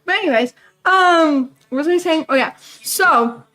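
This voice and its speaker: Young woman, high voice, casual rambling storyteller who talks fast and gets breathless. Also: lively intonation, sharp tone, rough recording. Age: young adult. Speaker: vlogger.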